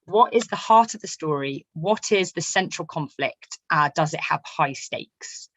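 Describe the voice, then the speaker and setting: A woman gives a writing workshop at a quick, chatty clip, full of fillers and asides. Her voice sits low for a woman. It is recorded close and dry, with no room sound. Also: lively intonation, no echo. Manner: fast, chatty, many fillers. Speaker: novelist leading a writing workshop. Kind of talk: online workshop talk.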